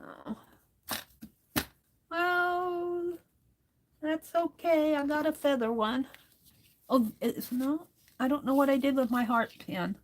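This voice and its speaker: A woman's voice: high-pitched, fairly even intonation, slow pace, long pauses. A woman hosting a crafting livestream, chatting casually and reading viewer comments aloud as she works.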